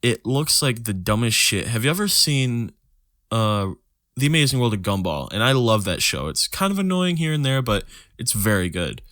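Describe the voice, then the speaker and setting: A man's voice: medium pitch, very animated, moderate pace, fairly bright tone, dry recording, studio quality. A young man hosting a solo podcast, rambling and swearing in a casual rant with frequent restarts. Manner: rambling, profane, restarts words, sings snatches of songs. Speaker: podcast host.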